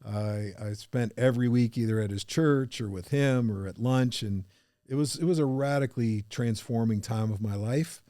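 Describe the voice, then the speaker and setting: A man guesting on a podcast, telling his own story with animated energy and acting out the people in it. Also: medium pitch, normal speed, no room sound, studio quality. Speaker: podcast guest, business coach.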